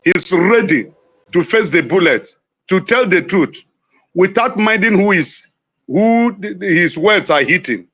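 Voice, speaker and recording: A man's voice: sits high, animated, measured pace, fairly bright tone. A man on a discussion panel making an urgent, impassioned political appeal straight to his listeners. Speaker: panel guest.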